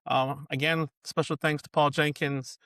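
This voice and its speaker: A man hosting a podcast interview, chatting casually with halting phrasing and frequent laughs. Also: fairly high pitch, flat delivery, bright, forceful tone, no echo. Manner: halting, laughs often, many fillers. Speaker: podcast host.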